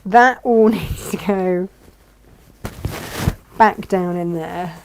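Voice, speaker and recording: A woman's voice: on the low side, extremely slow, slight background noise. Chatty woman sewing. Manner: chatty, self-mocking, talks to herself while working. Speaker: sewing vlogger. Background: sewing machine.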